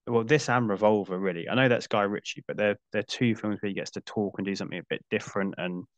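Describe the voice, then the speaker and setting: A man's voice: fairly low pitch, fairly even intonation, fast, no echo. A middle-aged man hosting a casual film chat, thinking aloud and restarting his sentences. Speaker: podcast host.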